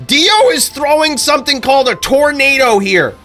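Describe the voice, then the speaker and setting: A man's voice: very high voice, lively intonation, normal speed, bright, forceful tone, faint music behind, pitched above the performer's own voice, full character voice. A man impersonating an overexcited fight commentator. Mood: hyped. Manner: hyped, breathless play-by-play. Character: overexcited male fight commentator stating the obvious.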